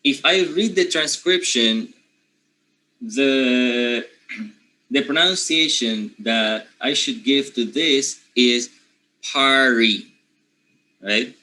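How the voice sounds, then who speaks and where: A man from Panama with a Panamanian accent, a native Spanish speaker teaching English pronunciation, who often clears his throat and keeps checking in with his students. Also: medium pitch, takes it slowly, pushed and bright, poor audio. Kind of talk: pronunciation lesson.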